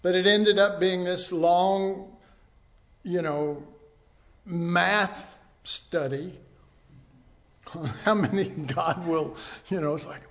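A man's voice: high voice, slow, long pauses, a bit bright, dull audio. A man teaching a sermon in a conversational way, with asides and rhetorical questions to his congregation. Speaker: pastor.

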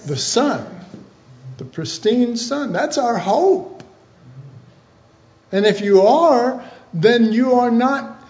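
A man's voice: sits high, darkish tone. A man giving a conversational Bible teaching, chatty and informal, acting out little imagined dialogues. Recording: dull lo-fi recording.

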